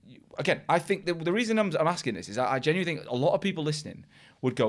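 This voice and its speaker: Quick, bantering British podcast host, a man. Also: fairly high pitch, expressive. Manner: quick, banter-heavy, encouraging. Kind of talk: casual interview podcast.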